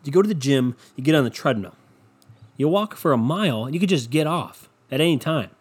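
A man with a husky, slightly high voice rants into a desk microphone. He is sarcastic and swears freely, and his delivery swings between loud outbursts and low muttering. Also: expressive, brisk. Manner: ranting, profane, sarcastic, swings loud and soft. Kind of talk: casual rant monologue.

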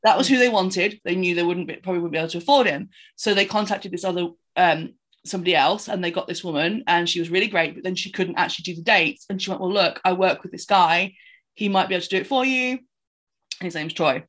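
Speaking at a quick pace, a podcast co-host has a voice on the low side that's a bit bright. She retells film scenes in a rambling, casual recap chat and acts out the characters' lines.

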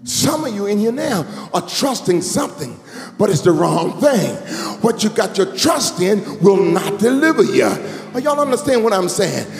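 Preacher, man, high lively voice swooping into sung shouts, recorded in a reverberant church with music behind. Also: normal speed. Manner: call-and-response preaching, building to sung shouts. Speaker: bishop preaching. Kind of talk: sermon. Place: church sanctuary. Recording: echoey church hall with music.

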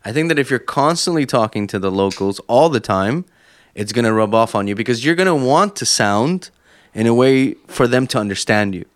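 A man's voice: medium pitch, lively intonation, brisk. A man co-hosting a podcast, explaining his views at length with examples in casual chat. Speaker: podcast co-host.

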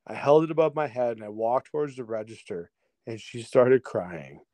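A man's voice: medium pitch, expressive, normal speed, warm tone, no room sound. Guy on a podcast telling a race story, lots of laughs and swearing, mid voice, dry sound. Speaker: podcast guest, triathlete. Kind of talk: casual storytelling chat.

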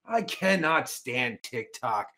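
A man's voice: mid-range voice, big pitch swings, slow, gravelly, pushed and bright. A man hosting a livestream, talking in a crude, rambling rant with sudden mocking outbursts. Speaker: livestream host.

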